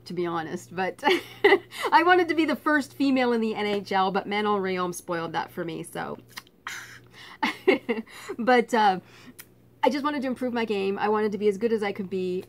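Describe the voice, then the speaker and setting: Woman telling a story with lots of laughter. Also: mid-range voice. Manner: laughs often, animated when retelling. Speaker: vlogger. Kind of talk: casual storytelling.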